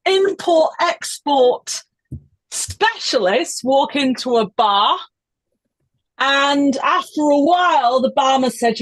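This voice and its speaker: A woman's voice: high voice, lively intonation, takes it slowly, no room sound. A woman comedian playing an improv joke game, giggling at her own jokes.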